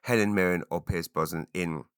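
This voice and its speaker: A man with a low voice that has a sharp, bright edge. He chats alone to his listeners, rambling and animated, and breaks into sudden loud exclamations. The sound is dry and close, with no room echo. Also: a little fast, clear, resonant tone. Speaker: podcast host. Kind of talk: solo chat answering listener questions.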